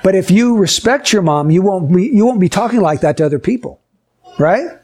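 Male Bible teacher, high voice, talks to kids and acts out little scenes as examples. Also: lively intonation, a little fast, a little mellow. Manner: asks the listeners questions and acts out short scenes. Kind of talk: Bible lesson for children.

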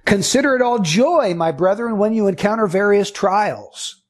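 A man's voice: sits high, expressive, moderate pace. A man preaching a sermon, reading scripture aloud and teaching earnestly through rhetorical questions.

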